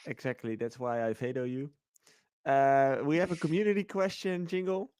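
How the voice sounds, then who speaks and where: A man's voice: mid-range voice, steady tone, normal speed, heavy background noise. A man co-hosting a livestream, chatting playfully and rambling with fillers. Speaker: livestream co-host. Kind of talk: casual livestream banter.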